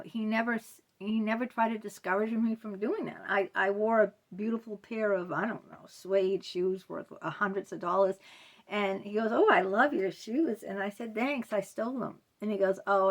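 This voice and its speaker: Speaking directly to camera in a personal storytime vlog, a middle-aged woman sounds indignant. Her middle-pitched voice is loose and conversational, packed with fillers.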